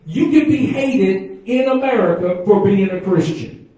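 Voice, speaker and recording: A man preaches to his congregation, his voice running high and mellow. He goes from quiet asides to loud exclamations and has the crowd answer him back. He sounds far from the mic, with heavy echo off the church walls. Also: measured pace. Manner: preaching with call-and-response to the congregation. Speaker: pastor. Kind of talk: sermon. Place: church sanctuary.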